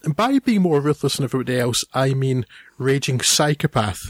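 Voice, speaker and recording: A man's voice: medium pitch, animated, brisk, dry recording. Sardonic man reviewing films. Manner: dry, sardonic. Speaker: podcast co-host, film reviewer. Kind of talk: casual film review with read synopsis.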